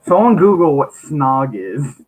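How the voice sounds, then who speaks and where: A man's voice: fairly high pitch, big pitch swings, a little slow, darkish tone, slightly rough. A man reading a book aloud on his channel, stumbling over words and breaking off for wry joking asides. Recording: tinny lo-fi mic, faint hiss.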